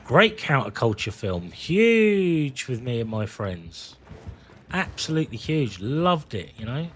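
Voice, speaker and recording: A man's voice: medium pitch, big pitch swings, slow, a bit bright, a little hiss or hum. A man, chatting casually and candidly while streaming a game, rambling and swearing freely. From England. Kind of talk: casual chat while gaming.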